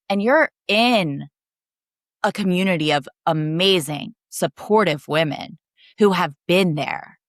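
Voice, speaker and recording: A young woman guest on a coaching podcast, earnestly telling a personal story with emotional rushes of speed. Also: medium pitch, fairly bright tone, no echo, clean studio sound.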